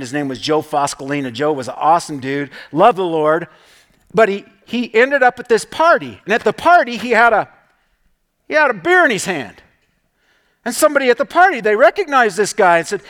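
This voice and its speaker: High-voiced pastor preaching conversationally. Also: male voice, fairly bright tone. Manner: conversational storytelling with frequent "right?" asides. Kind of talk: sermon.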